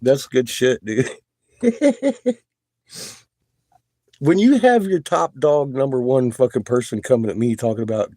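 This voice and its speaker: Guy ranting on a stream, cussing a lot, laughing and coughing, slow drawl, dry close sound. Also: medium pitch, expressive, warm tone, dry recording. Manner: swears constantly, laughs often and coughs between remarks. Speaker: livestreamer. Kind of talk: casual profane rant.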